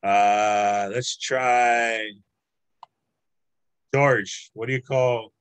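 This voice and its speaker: A man's voice: medium pitch, steady tone, extremely slow, clean tone, no echo, low-quality recording. A man teaching a language class over a video call, patient and encouraging, drawing out words as he explains.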